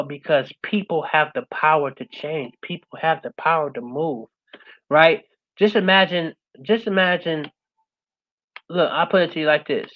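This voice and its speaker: A woman speaking as a guest, giving a passionate motivational talk. She keeps asking "right?" and swings from loud urging to a soft, quiet close. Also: highs cut off. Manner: passionate, repeats "right?" after most points; swings between loud urging and soft, low-key closing.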